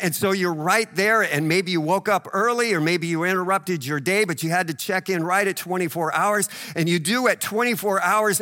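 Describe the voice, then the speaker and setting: A man's voice: fairly high pitch, bright, forceful tone. A male pastor preaching a sermon in a conversational way, tying the scripture to everyday examples and often checking in with "right?".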